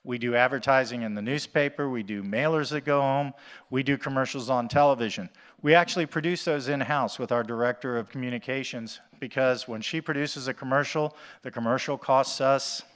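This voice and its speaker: A man from the USA giving a conference talk as an animal shelter director. He speaks at an ordinary mid pitch, chatty and quick to joke. He talks straight to the audience. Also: fairly bright tone, smooth. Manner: jokey, conversational, addresses audience directly. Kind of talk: conference presentation.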